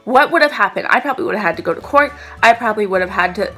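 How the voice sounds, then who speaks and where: Young woman vlogger, bright voice, animated storytime delivery. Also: mid-range voice, racing, breathy edge, soft background music. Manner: animated, dramatic retelling. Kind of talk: storytime vlog.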